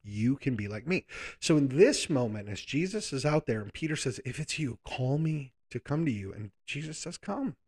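A man's voice: medium pitch, lively intonation, moderate pace, darkish tone, slightly rough. A man preaching a sermon in a conversational way, reading scripture aloud and explaining it in plain words.

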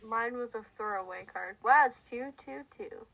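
A woman's voice: on the high side, gravelly, rough recording. A young woman chatting and giggling during a party card game over an online voice call. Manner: giggly, quick flat refusals.

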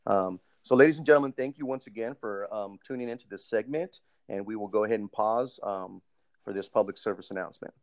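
A young man hosting a podcast interview, polite and formal, pausing often with ums. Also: on the low side, no echo. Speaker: podcast host, army master sergeant.

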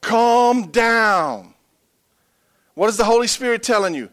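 Animated preaching man, high lively voice. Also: moderate pace. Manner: animated, humorous, swings from hushed to emphatic. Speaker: pastor. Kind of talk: sermon.

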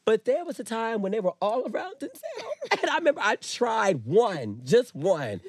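A man's voice: high voice, sing-song, normal speed, slightly rough, no echo. A man co-hosting a casual gossip chat, sassy and slangy. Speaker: podcast co-host.

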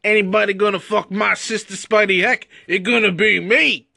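A man's voice: high voice, steady tone, normal speed, vocal fry, very noisy, voice pushed up. A man putting on a crude, leering hillbilly voice with a put-on Southern country drawl.

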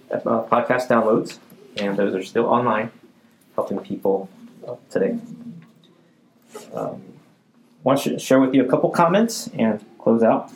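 A man hosting a podcast, giving a measured talk sprinkled with "uh" fillers. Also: mid-range voice, darkish tone, reverberant, slight background noise, poor audio. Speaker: podcast co-founder and host. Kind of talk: talk presentation.

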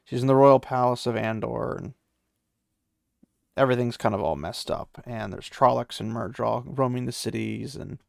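Rambling through a fantasy novel recap, this man slips loosely into the characters' voices and tosses in his own opinions. His voice is medium in pitch and creaky, moving at a moderate pace, captured in clean studio sound with no echo.

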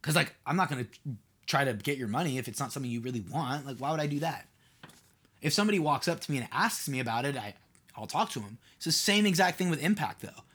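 A man's voice: medium pitch, expressive, fast talker, a bit bright, husky. A man hosting his own podcast in a casual solo monologue, rambling and asking his listeners rhetorical questions with lots of "like"s. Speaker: podcast host and mentor.

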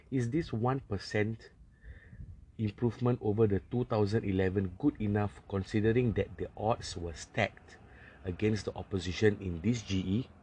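Man, Singaporean accent, young adult, casual political commentary, rambling, mellow dark tone. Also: on the low side, slight background noise. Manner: chatty, rambling, swears, lots of fillers.

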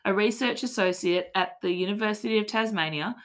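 A woman's voice: medium pitch, fairly quick. An Australian woman hosting a casual podcast, telling a tall tale in a mock-serious, playful way. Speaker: podcast host.

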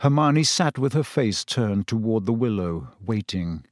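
A man reading a fantasy novel aloud in steady, measured storytelling narration. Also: lowish voice, no room sound, studio quality. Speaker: audiobook narrator. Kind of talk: scripted narration.

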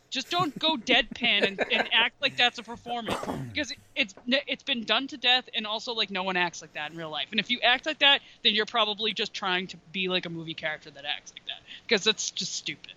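A woman's voice: fairly high pitch, sharp tone. A young woman co-hosting a podcast, griping bluntly and profanely with exasperation. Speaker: podcast co-host. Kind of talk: casual ranting chat.

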